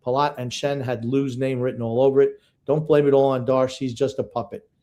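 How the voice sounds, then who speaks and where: An older man co-hosting a casual sports podcast, gruff and opinionated, reading listener comments and ribbing his co-host. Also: mid-range voice, flat delivery, fairly quick, dark tone.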